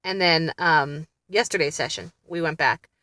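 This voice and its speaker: A woman's voice: low-pitched, moderate pace, pushed and bright, no echo. A woman chatting candidly to camera as a mother, blunt and often laughing as she talks. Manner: exasperated, blunt. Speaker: mother vlogging about family therapy. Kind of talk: casual vlog chat.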